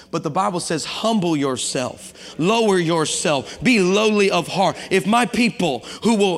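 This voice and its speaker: A man preaching an energetic sermon as a guest pastor, acting out voices and calling out to the congregation. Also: high-pitched. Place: church sanctuary with long reverb. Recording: reverberant church hall.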